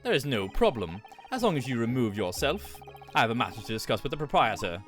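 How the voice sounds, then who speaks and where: A man voicing a haughty, pompous gentleman, speaking slowly and condescendingly. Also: medium pitch, big pitch swings, soft background music, close to an everyday voice. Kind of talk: reading game dialogue aloud.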